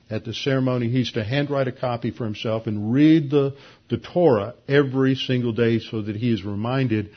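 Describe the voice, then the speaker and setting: A man giving a Bible class lecture, explaining at a measured pace with frequent filler pauses. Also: medium pitch, dull audio. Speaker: Bible teacher.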